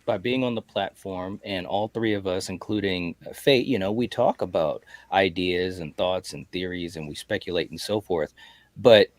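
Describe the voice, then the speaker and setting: A man co-hosting a casual livestream chat, talking in an animated way with stammering restarts. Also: low-pitched, normal speed, no room sound. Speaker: livestream co-host.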